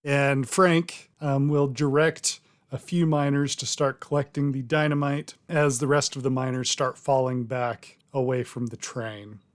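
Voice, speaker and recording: A man's voice: medium pitch, level tone, unhurried. A man narrating a tabletop game as game master, telling the scene in an easygoing, descriptive way.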